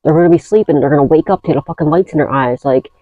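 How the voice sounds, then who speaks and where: A woman's voice: low voice, very fast, dry recording, highs cut off. A woman giving a casual tarot reading, blunt and profane, rambling through restarts as she talks to her viewers. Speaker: tarot reader.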